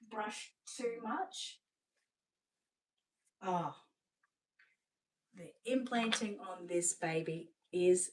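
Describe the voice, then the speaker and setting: An Australian woman hosting a live-stream sales showcase, chatty and gushing, often dropping to a hushed voice. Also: mid-range voice, recorded from a distance. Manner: chatty, gushing, drops to a hushed voice over sweet babies. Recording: roomy sound, away from the mic.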